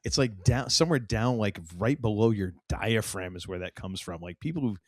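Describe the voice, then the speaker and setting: A podcast co-host chats casually and enthusiastically in a TV recap, acting out quotes and laughing often. His lowish voice moves at normal speed, in clean studio sound with no room sound.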